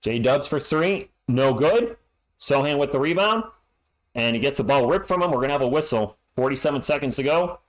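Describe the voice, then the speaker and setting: This fan commentator has a mid-range voice and talks at normal speed, doing excitable play-by-play on a live stream and yelling whenever a big play happens. The audio comes through a home streaming mic that clips.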